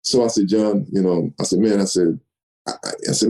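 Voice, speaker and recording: A man in his sixties, a guest in an interview, telling stories with lively delivery and acting out quoted dialogue. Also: low voice, fairly quick, rough recording. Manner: animated storyteller, acts out quoted dialogue. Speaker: guest, retired football player. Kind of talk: storytelling interview.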